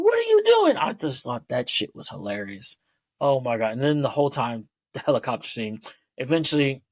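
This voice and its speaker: A man talks through a film review in a loose, rambling way, leaning on fillers and dropping curse words as he laughs along. His voice sits at an ordinary middle pitch. The recording is dry, with no room sound. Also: no echo. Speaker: movie reviewer. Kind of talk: casual spoken movie review.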